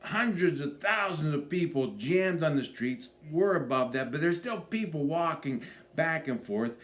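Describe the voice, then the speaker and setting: A man, a comedian, telling an animated comic story to camera and acting out voices. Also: on the high side, measured pace. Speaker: stand-up comedian.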